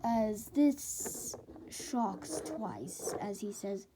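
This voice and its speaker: Gravelly, slow-talking woman storyteller. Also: mid-range voice, background noise. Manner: rambling, chatty asides. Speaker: narrator. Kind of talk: casual fan-fiction storytelling.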